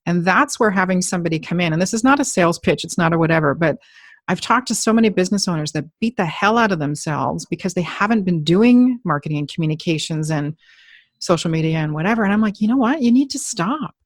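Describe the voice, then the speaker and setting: A woman's voice: on the low side, expressive, quick pace, dry recording, clean studio sound. Chatty, jokey woman podcast host. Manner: chatty, jokey, swears casually. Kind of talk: casual interview chat.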